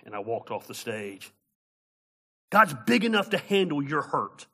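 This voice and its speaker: A male pastor delivers a sermon in a very bright, forceful voice set high for a man. He keeps swinging between loud, climbing preaching and hushed storytelling. He stumbles over his words and restarts sentences often. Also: big pitch swings, normal speed, breathy edge. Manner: stammers with many restarts.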